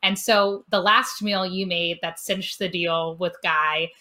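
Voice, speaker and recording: Casting: gushing woman interviewer, bright and forceful tone, laughs a lot. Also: fairly low pitch, slow pace. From Cincinnati, Ohio. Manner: effusive, laughs often, loud when excited. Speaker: podcast host. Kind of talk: casual interview chat.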